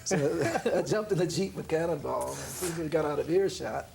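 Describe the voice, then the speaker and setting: Male interviewee, gravelly, slightly high voice, chatty storyteller who acts out the people in his stories, quiet room hum. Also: brisk. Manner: animated storyteller, laughs often, acts out quoted voices. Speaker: jazz pianist interviewee. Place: room in an apartment.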